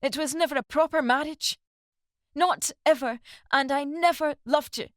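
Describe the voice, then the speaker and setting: A woman voicing a young wife who screams at her husband in a shrill, high voice. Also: moderate pace, no echo, studio quality, lightly acted. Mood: screaming. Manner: shrill, screeching, high-pitched.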